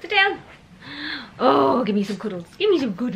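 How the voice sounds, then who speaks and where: High, lively woman cooing at her dog. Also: normal speed, gravelly, slightly rough. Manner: coos at her dog in gushing baby talk. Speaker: vlogger. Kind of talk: casual vlog chat.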